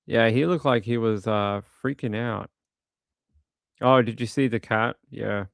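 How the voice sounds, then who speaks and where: A man with a gravelly, creaky edge comments on true crime footage in a rambling, indignant way. His voice is smooth and resonant, and the recording is close and dry. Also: mid-range voice, slow pace, pauses often, no room sound. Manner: rambling and indignant, with frequent restarts. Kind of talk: casual commentary while watching videos.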